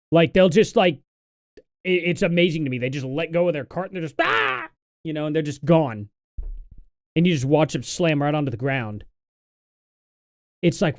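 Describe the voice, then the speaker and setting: A man's voice: a little high, a little mellow, no echo, studio quality. A young adult man hosting a casual live stream, talking in a tired, rambling, sarcastic way.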